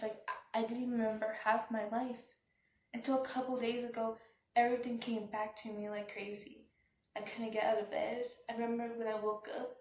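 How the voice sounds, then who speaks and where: A woman recounts a personal storytime in a level, unvaried voice, often stopping and restarting her sentences. She sits some way off the mic in an echoey room, with a faint hum of ambience behind her. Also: medium pitch. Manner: halting, subdued retelling with restarts. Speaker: vlogger. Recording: roomy, from some distance off the mic.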